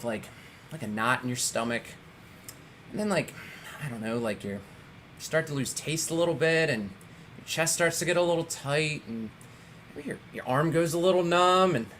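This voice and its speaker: A man in his thirties performs a stand-up set over a video call, his pitch leaping up and down as he acts out his stories. He tells them in an animated way and bursts into loud shouted lines, with a faint hiss of noise behind him. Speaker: comedian.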